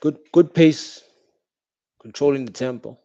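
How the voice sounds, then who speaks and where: A young man giving casual, slangy live reaction commentary while watching a football match, calling out the referee loudly. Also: medium pitch, a little slow, no echo. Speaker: football watch-along streamer. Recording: dull, dry home stream audio.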